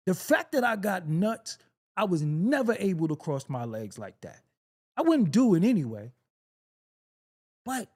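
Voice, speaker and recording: A man's voice: sits high, sing-song, moderate pace. A man hosting a casual reaction video, joking, laughing often and swearing freely as he comments on clips.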